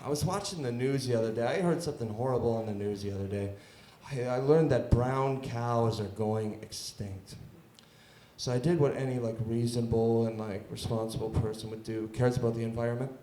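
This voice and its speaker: A man doing a live stand-up set in a comedy club, halting, full of uh's and restarts, chuckling at his own jokes. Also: mid-range voice, mellow. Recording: roomy live club sound.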